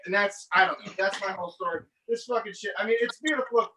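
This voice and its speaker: Comic, male, rambling and profane, bright high voice, slightly distant with faint hiss. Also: fast. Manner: rambling, profane, self-mocking. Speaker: stand-up comic. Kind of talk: stand-up set over online stream. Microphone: headset.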